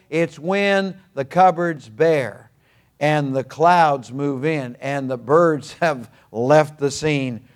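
An older man preaching a sermon in a folksy, earnest way, with humorous asides. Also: a little high. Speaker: pastor.

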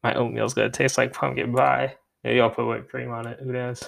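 A man's voice: mid-range voice, level tone, brisk, gravelly, fairly bright tone. A young man, a podcast co-host, chatting alone in a rambling, self-mocking way. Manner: rambling, self-deprecating, laughs at himself. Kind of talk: rambling solo podcast chat.

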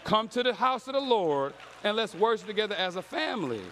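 Young male preacher, high voice, slangy storytelling sermon. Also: big pitch swings, brisk, fairly bright tone, in a large hall, some chatter behind, slight background noise.

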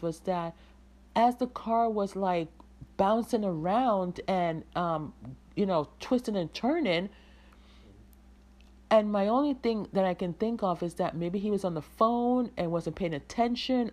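A woman's voice: fairly low pitch, a little mellow. A woman hosting a podcast, telling a story in an emotional way, repeating words for emphasis and calling her listeners "guys.". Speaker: podcast host.

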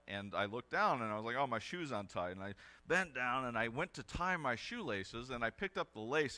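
A man's voice: medium pitch, sharp tone, clear, resonant tone. A young adult male pastor giving a sermon in a conversational, storytelling way with casual fillers.

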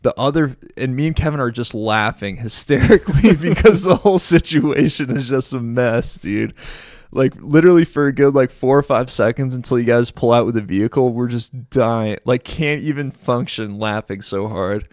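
A young man telling a war story in casual chat, animated, laughing often and saying "dude" a lot. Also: mid-range voice, moderate pace, no room sound, studio quality. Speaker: guest, former soldier.

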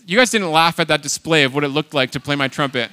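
Animated high-voiced man preaching. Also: fast. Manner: animated and emphatic, swings between loud exhortation and quiet asides. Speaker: pastor. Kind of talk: sermon.

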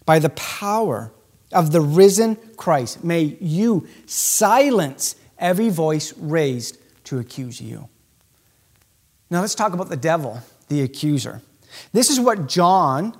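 A male pastor preaching a sermon in an animated, emphatic way, speeding up and slowing down to stress his points. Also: fairly high pitch. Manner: animated, emphatic preaching with sudden shifts in pace.

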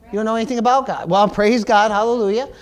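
In a fast sermon, a male pastor with a high-pitched voice and fairly even intonation keeps calling out "Amen?" to his congregation. He is earnest and emphatic, often repeating his words.

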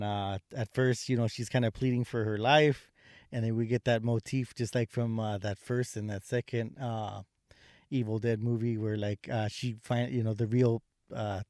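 A man casually talking through a film he enjoyed, stumbling over restarts and filling gaps with "uh" and "like". His voice sits at a middling pitch. The sound is dry and close, with no room around it. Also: darkish tone, no echo. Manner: rambling, many fillers and restarts. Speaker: podcast co-host reviewing a horror film. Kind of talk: casual film review chat.

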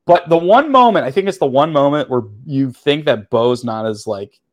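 A man's voice: fairly high pitch, animated, moderate pace, a crowd in the background. Man retelling a movie plot, rambling. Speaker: podcast co-host. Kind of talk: casual movie review chat.

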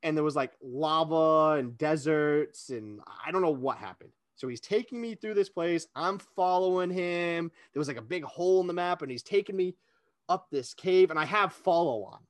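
A man's voice: on the high side, normal speed, dry recording. A man co-hosting a casual chat, telling a long self-deprecating story with lots of energy. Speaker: podcast co-host.

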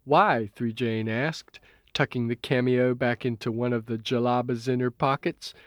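A man's voice: mid-range voice, level tone, normal speed, no room sound. Man reading an audiobook, dry sound. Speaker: audiobook narrator. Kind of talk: scripted narration.

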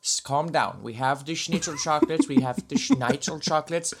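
A man's voice: fairly high pitch, normal speed, slightly rough, pitched above the performer's own voice. Man playing a pompous corporate spokesman. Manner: formal, mock-official, stumbling. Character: pompous male company spokesman at a press conference.

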